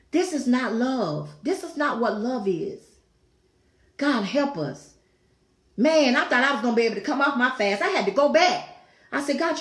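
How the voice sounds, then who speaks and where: A woman hosting a talk show, giving a fervent, preaching-style devotional talk with repeated phrases and exclaimed asides. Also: on the high side. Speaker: talk show host teaching scripture. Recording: echoey room.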